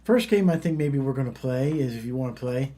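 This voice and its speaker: A man's voice: mid-range voice, expressive, fairly quick, dark tone. A man co-hosting a casual podcast, playfully running a quiz game with dry humor.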